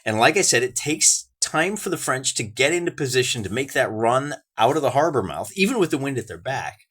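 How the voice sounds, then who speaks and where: A man's voice: mid-range voice, sing-song, brisk, a bit bright, husky. An American man hosting a wargaming show, chatting casually through the game with folksy asides and restarts. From United States. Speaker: wargaming channel host.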